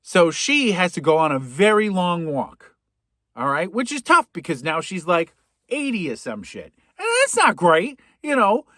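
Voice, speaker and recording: A man's voice: sits high, very animated, a little slow, fairly bright tone, no echo, studio quality. A man with a Boston accent doing a comedic, profane movie recap, full of sarcastic asides. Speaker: podcast host.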